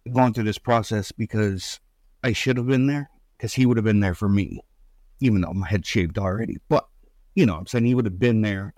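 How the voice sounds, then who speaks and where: A man's voice: medium pitch, no room sound. A middle-aged man telling a painful family story in an interview, rambling with restarts and fillers while holding back tears. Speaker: guest, bereaved father. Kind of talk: emotional personal storytelling in an interview.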